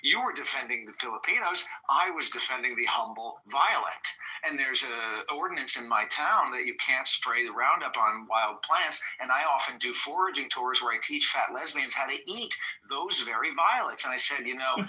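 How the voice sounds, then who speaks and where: A man in his thirties talking in a loose, rambling way. He swears freely and swings between soft asides and loud bursts. His tone is very bright, at a middle pitch, with a radio-style sound. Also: expressive, normal speed, hardly any pauses, rough recording. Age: 30s. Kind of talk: casual debate chat.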